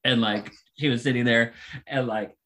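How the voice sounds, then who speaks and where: A man in casual chat, telling rambling stories and getting animated and laughing as he goes. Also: mid-range voice, normal speed.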